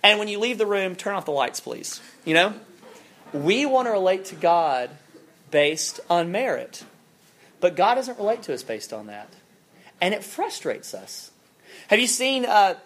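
Brief: campus minister giving a relaxed, lively sermon, full of casual asides. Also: medium pitch. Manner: conversational, animated storytelling with casual fillers.

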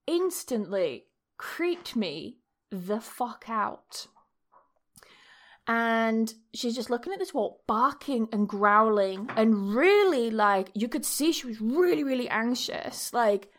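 A woman's voice: a little high, very animated, takes it slowly. A young woman hosting a podcast, chatting casually through a spooky story, laughing often and swearing freely. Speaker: podcast host.

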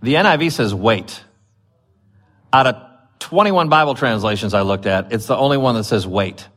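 Chatty male preacher, mid-pitched voice. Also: animated, moderate pace, a bit bright. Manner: chatty, with many fillers and restarts, rising when reading scripture. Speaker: pastor. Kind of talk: conversational sermon.

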